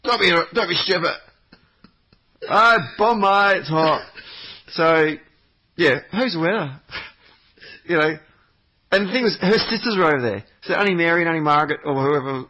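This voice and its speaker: A man's voice: a little high, animated, fairly quick, bright, forceful tone, lo-fi sound. A man, chatting as a podcast guest, telling rambling stories and swearing freely. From Australia. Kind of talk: casual chat.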